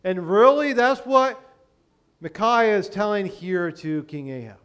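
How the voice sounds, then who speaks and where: A man's voice: sits high, expressive, measured pace, a bit bright, smooth. A man from Pennsylvania preaching a sermon in a conversational way, explaining with rhetorical questions.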